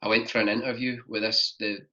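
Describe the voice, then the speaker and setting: This young man from Glasgow talks quickly in a fairly low voice with little pitch movement, sounding pushed and bright. As a podcast guest he rambles through travel stories full of "like," on a dull lo-fi recording.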